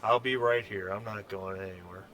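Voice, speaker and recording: A man's voice: on the low side, fairly even intonation, moderate pace, fairly bright tone, highs cut off, pitched below the performer's own voice, close to an everyday voice. A man voicing a woozy injured male patient who slurs his words drowsily in a tabletop game. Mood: drowsy. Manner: slurring drowsily.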